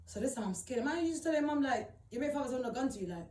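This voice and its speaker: A woman's voice: high voice, expressive, rapid-fire, warm tone, a little hiss or hum. A young woman telling her own story in a blunt, emotional, slangy way, swearing often. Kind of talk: personal account, casual monologue. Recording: roomy, distant mic.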